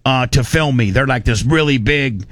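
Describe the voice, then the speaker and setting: A man hosting a radio talk show, telling a story in an animated, ranting way with frequent restarts. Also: medium pitch, normal speed, no echo.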